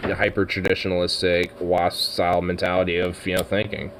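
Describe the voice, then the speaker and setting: A man's voice: sits low, level tone, normal speed, a little hiss or hum. A young man in casual chat, rambling and swearing with lots of fillers, at times cooing to his puppy. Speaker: vlogger.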